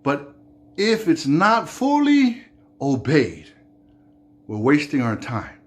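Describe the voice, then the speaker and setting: A male pastor preaches and retells scripture as a vivid story. His voice sits a bit high for a man. He moves between narration and direct lessons for his listeners. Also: wildly swooping pitch, slow pace. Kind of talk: sermon.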